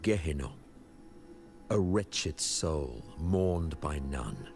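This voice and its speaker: Grave zealot. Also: male voice, very deep voice, expressive, extremely slow, darkish tone, a little hiss or hum, heavily acted. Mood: solemn. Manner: grave, ceremonial. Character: solemn zealot man proclaiming a fiery rite. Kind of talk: game voice acting. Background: music.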